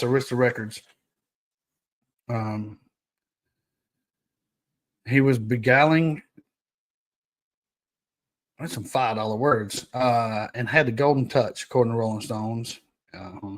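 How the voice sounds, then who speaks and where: A young man hosting a casual solo podcast, reading notes aloud and joking with his live chat, laughing often. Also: mid-range voice. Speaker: podcast host.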